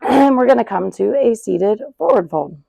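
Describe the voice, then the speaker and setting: A woman yoga instructor giving calm, unhurried cues for poses and breathing. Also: on the high side, vocal fry, dry recording. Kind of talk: guided yoga class instruction.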